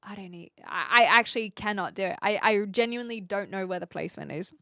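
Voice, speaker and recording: A woman's voice: medium pitch, fast talker, pushed and bright, no room sound, clean studio sound. A woman in her twenties with a New Zealand accent, chatting casually with her live stream viewers, laughing often and teasing herself. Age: 20s.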